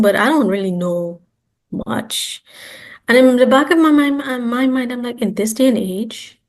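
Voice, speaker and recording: A woman guest giving an earnest, emphatic personal testimony and repeating words for stress. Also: on the high side. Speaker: interview guest.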